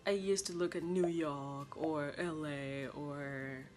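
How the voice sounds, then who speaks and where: A young woman from Kenya with a Kenyan accent, a college student chatting to camera in a lively way about life abroad. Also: sits low, slow, faint music behind. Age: young adult. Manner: chatty and expressive, acting out past conversations. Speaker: international college student vlogger. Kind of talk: casual vlog talk to camera.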